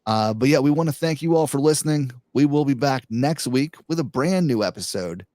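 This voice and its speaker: A man's voice: medium pitch, expressive, brisk, dark tone, no room sound, studio quality. A man hosting a podcast, laid-back and agreeable, wrapping up the show. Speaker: podcast host. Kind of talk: casual chat and show sign-off.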